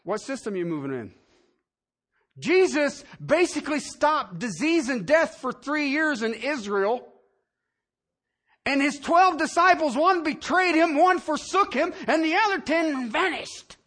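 A male pastor delivering a sermon with a strikingly high voice that swings widely in pitch. He preaches conversationally and keeps throwing rhetorical questions at the listeners. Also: very animated, unhurried, bright, forceful tone.

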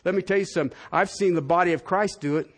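A man preaching a sermon as a pastor, swinging from loud, rising proclamation to a hushed, soft prayer, in a church hall. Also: sits high, fast.

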